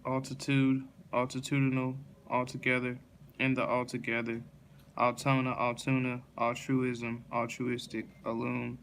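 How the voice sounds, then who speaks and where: Flat monotone man reading word lists. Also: mid-range voice, unhurried, gravelly, a little hiss or hum. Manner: flat monotone listing, with small stumbles and restarts. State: yawning, tired. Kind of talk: reading dictionary words aloud in a row.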